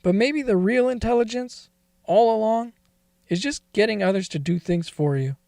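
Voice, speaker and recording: A man's voice: sits high, moderate pace, creaky, mellow, no room sound, clean studio sound. A man telling a first-person confessional story in a confiding, emotional way that wavers toward tears.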